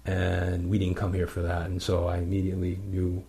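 A man's voice: sits low, brisk, vocal fry. A man telling a ghost-hunting story in a rambling, casual way, full of fillers. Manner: rambling, many fillers, animated retelling. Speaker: guest paranormal investigator.

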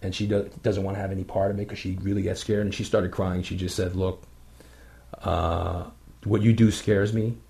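A man's voice: low-pitched, moderate pace, gravelly. A man telling a ghost-hunting story in a rambling, casual way, full of fillers. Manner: rambling, many fillers, animated retelling. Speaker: guest paranormal investigator.

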